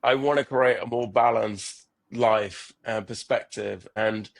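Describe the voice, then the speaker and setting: Slow and gravelly, with a lowish, fairly even voice, a middle-aged man who founded a startup reflects earnestly as a podcast guest. It's a conversational interview, and he tends to repeat words and begin his sentences again.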